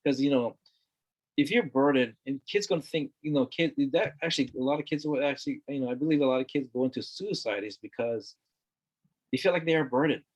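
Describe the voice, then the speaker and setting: A man's voice: medium pitch, fairly quick, lo-fi sound. A middle-aged man from Hawaii, a guest talking earnestly in a casual conversation, repeating words for emphasis. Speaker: interview guest.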